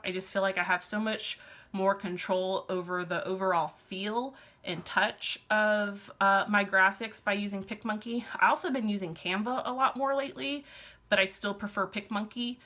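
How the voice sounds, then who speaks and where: Bright-voiced chatty woman team leader. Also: mid-range voice. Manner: chatty, upbeat, sassy asides. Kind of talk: live-streamed team training talk.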